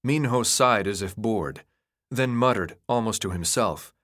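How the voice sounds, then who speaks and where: A man's voice: fairly low pitch, lively intonation, moderate pace, a bit bright. A man reading an audiobook chapter as narrator, telling the story expressively. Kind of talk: scripted narration.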